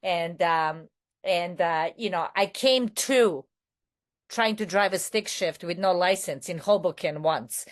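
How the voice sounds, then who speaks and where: A woman's voice: lowish voice, slow pace. A woman with a non-American accent, raised in New York City, giving a candid personal share at a recovery meeting, rambling and correcting herself with many fillers.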